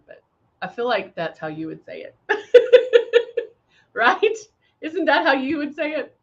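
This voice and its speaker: A woman hosting a live makeup tutorial, chatting casually with viewers and filling pauses with frequent ums. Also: mid-range voice, a bit bright, dull audio. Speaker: makeup livestream host.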